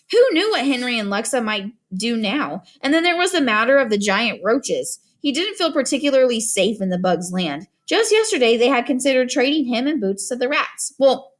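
Woman, audiobook narration, expressive storytelling, higher pitch, animated intonation. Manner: expressive storytelling, voices each character.

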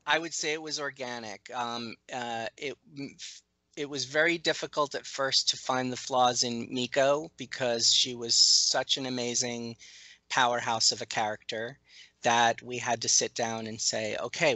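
Gravelly bright-voiced man, halting interview talk. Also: mid-range voice, dry recording, low-quality recording. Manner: thoughtful, halting, many restarts and fillers. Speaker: animated series co-creator, interview guest. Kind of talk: conversational interview.

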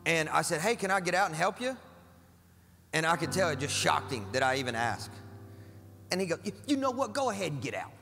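A man's voice: a little high, lively intonation, a little fast, gravelly, pauses often, bright, forceful tone. A man pastor preaching a sermon, emphatic and conversational, with casual asides to the congregation. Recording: church hall with long reverb and faint music.

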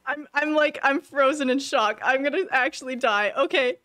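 A young woman live streaming a video game, chatting with her viewers and breaking into excited squeals and shouts. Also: high-pitched, normal speed, faint music behind. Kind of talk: casual gaming livestream chat.

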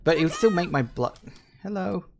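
A man's voice: sits high, lively intonation, normal speed, vocal fry, noisy background. A man with an English Midlands accent giving chatty, joking live commentary while streaming a game and answering his chat. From England.

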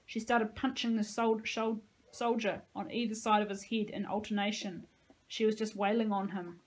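Casting: woman teacher reading a novel aloud, dramatic and expressive, mid-pitched voice. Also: moderate pace, low-quality recording.

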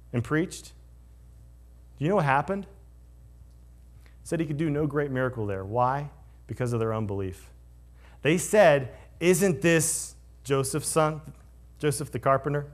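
A male pastor delivers a conversational sermon in a medium-pitched voice, shifting between lively storytelling and hushed, solemn passages.

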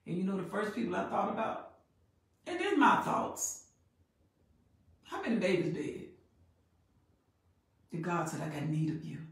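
A woman preaching a sermon in an emphatic, repetitive way that builds in loudness. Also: fairly low pitch, sing-song, unhurried, long pauses. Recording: very echoey room, voice far from mic.

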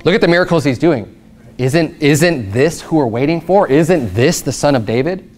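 A man's voice: lively intonation, a little mellow. Man preaching a casual sermon. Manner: reads scripture slowly, then explains in casual asides; rises sharply in pitch for emphatic rhetorical questions. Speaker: pastor.

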